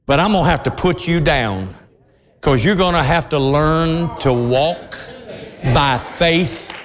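Lively, high-voiced male preacher telling a story. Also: slow, in a large hall. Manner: animated, acts out every voice in his stories. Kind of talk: sermon storytelling.

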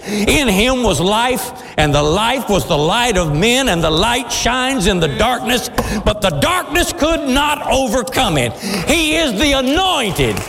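A man preaching a sermon in a church, with fervent, drawn-out emphatic phrases. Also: very high voice. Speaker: pastor. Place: church sanctuary with congregation responses. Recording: long church reverb.

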